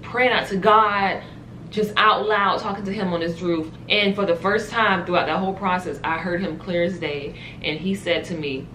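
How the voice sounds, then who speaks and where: A young woman vlogger telling a personal faith testimony, animated and emotional, talking straight to her viewers. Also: fairly low pitch, moderate pace, a little hiss or hum. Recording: echoey room.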